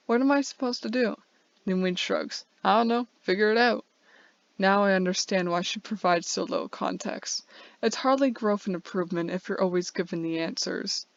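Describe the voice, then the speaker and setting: A woman reads a first-person short story aloud in an earnest, even way, now and then stumbling and restarting a word. The recording is dry, with no room echo. The sound is a little dull and lo-fi. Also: medium pitch. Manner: earnest, with small slips and restarts. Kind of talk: first-person fiction reading.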